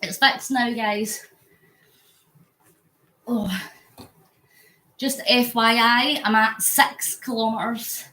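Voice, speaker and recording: A woman's voice: fairly high pitch, steady tone, extremely slow, long pauses, sharp tone, echoey room. A Scottish woman chatting casually to viewers on a phone live stream while pedalling an exercise bike, reading out comments and getting sweaty. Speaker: vlogger live-streaming a charity cycle. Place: indoors at home on an exercise bike.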